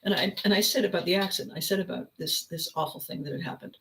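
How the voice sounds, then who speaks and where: An older woman hosting her own video, telling a personal story in a casual, animated way with frequent laughter. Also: lowish voice, quick pace, rough recording. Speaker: vlog host.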